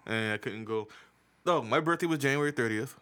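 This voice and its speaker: A man's voice: medium pitch, a little fast, bright, forceful tone, clean tone. A man chatting casually, swearing a lot and telling laughing stories, often breaking into mimicked voices for the joke. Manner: crude, laughing storyteller, mimics voices for jokes. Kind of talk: casual chat.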